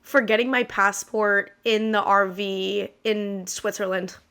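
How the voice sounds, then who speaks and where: A woman's voice: mid-range voice, steady tone, a little slow, sharp tone, smooth. A woman being interviewed on a podcast, answering in a direct, matter-of-fact way. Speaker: podcast guest. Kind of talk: casual interview chat.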